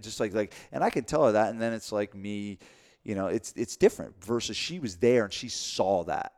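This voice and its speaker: A man in his thirties in casual chat, telling a story with many halting restarts. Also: fairly low pitch, a little mellow.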